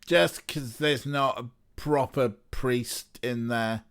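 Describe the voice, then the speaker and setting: A man's voice: mid-range voice, takes it slowly, a bit bright, smooth. A man hosting a let's play, joking and thinking aloud as he plays an adventure game. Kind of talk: casual gaming commentary.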